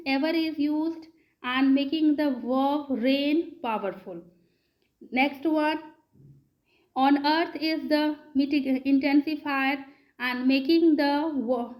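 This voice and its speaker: A woman teaching a grammar lesson, who talks slowly, repeats words and keeps asking her students questions. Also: high-pitched, low-quality recording. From India. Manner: slow, repeats words and asks the class questions. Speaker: English teacher.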